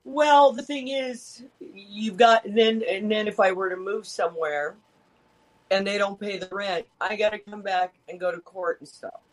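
A woman's voice: medium pitch, measured pace, rough recording. A woman in her fifties chatting in a rambling way over a video call. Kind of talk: casual chat.

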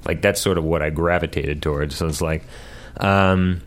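A man's voice: rumbling low, fairly even intonation, moderate pace. A young man, a guest impressionist, chatting casually in an interview, hesitant with many fillers and frequent laughs.

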